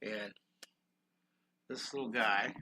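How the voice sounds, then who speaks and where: A man's voice: fairly low pitch, fairly even intonation, slow, bright, forceful tone, a little hiss or hum. An older man teaching a live-stream drawing lesson, upbeat and encouraging, greeting viewers while he draws.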